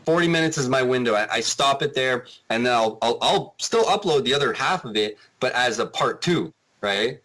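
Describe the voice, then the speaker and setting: A man guesting on a podcast in casual chat, rambling and animated, with frequent restarts. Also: medium pitch, moderate pace, few pauses, rough recording.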